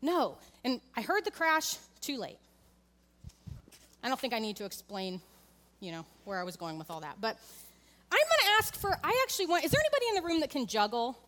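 This woman's high voice swings hugely in pitch, runs a little fast, and has a slightly bright tone that rings through a large hall. In her thirties, she gives a conversational sermon in the church sanctuary, telling a candid family story and addressing the congregation directly.

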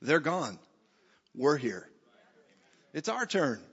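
A man preaching a lively sermon to a church crowd, joking and now and then rising to a shout. His voice sits a little high for a man. The sound is a bit dull, with a long hall reverb behind him. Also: slow pace, slightly rough.

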